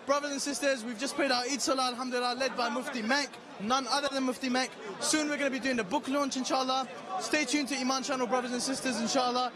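A man reporting live from a packed outdoor event, speaking with excitement. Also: extremely high pitch. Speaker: event presenter. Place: outdoors at a large crowded event.

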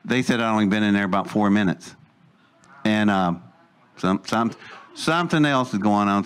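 Animated man telling a story. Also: medium pitch, clear, resonant tone. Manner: animated, acts out quoted voices, laughs while telling. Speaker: storyteller recounting his own experience. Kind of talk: casual spoken storytelling.

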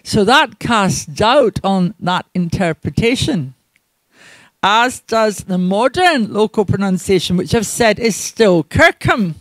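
A man with a strikingly high voice gives an unhurried devotional talk, speaking straight to his viewers and listeners. He is earnest, drifts into side notes and spells words out. The sound is close and dry. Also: expressive, fairly bright tone, no echo. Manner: earnest, digressive, spells out names. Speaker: ministry presenter. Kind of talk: devotional local-history talk with prayer.

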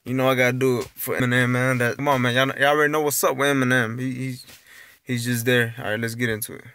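Talking quickly in a level, mid-range voice that sounds pushed, bright and smooth, a young reaction-video host chats casually into a phone indoors. He rambles in a loose, apologetic way, using lots of fillers.

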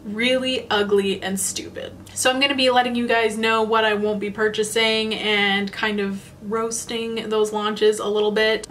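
A woman's voice: mid-range voice, fairly bright tone, a little hiss or hum. A young woman beauty vlogger talking to camera in a candid, sassy, chatty way. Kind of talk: casual to-camera chat.

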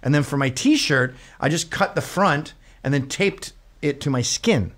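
A middle-aged man, the host, telling a comic story in a lively way, laughing often and mimicking others. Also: on the high side, unhurried. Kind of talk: animated comedic storytelling.

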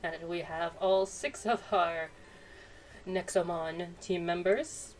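A woman's voice: fairly low pitch, fairly even intonation, takes it slowly. A woman hosting a let's-play, commenting in a playful, chatty way. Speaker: gaming channel host. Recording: distant mic, faint noise.

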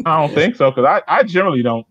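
A man chatting as a guest, talking in a deliberate, philosophizing way with chuckles. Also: on the high side, expressive, a bit bright, no room sound. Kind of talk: casual opinion chat. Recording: dry, muffled lo-fi line.

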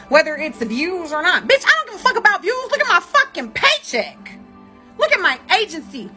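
A woman's voice: high-pitched, pushed and bright. A young woman, ranting and cursing heatedly as a livestream host. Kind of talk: angry ranting commentary.

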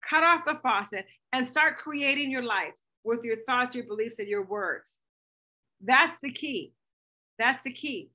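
Energetic woman coach; high, bright voice on a live call. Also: fairly quick. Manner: energetic, animated, chatty. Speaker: fitness coach.

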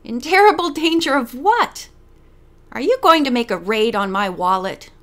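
A woman's voice: medium pitch, expressive, a little fast, clean tone, lightly acted. A woman reading the part of a genial middle-aged male lawyer who teases his daughter, in an audiobook. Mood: teasing. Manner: teasing, gently joking.

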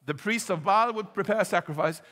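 A man preaching a sermon to a congregation, lively and joking, getting the crowd to join in. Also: high-pitched, fairly quick, long reverb tail. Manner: lively, jokey, talks straight to the congregation. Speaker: pastor. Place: church hall.

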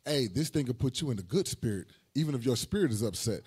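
A man in a Bible class who directs the reader and explains the scriptures quickly and directly. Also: medium pitch, animated, a little mellow, slightly rough. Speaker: class member.

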